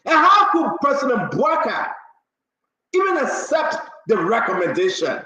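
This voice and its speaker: A man's voice: very high voice, big pitch swings, moderate pace, bright, forceful tone. A man hosting a heated political talk show, firing rhetorical questions and steering the guests. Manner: emphatic, rhetorical, moderating callers. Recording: very echoey, dull lo-fi audio.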